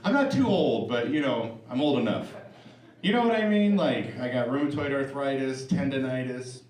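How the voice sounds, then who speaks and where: A middle-aged man performs a profane, chatty stand-up set with crowd work into a club stage mic. His medium-pitched voice is expressive, a little mellow, and moderately paced, captured from a distance in a roomy live recording with audience laughter behind him.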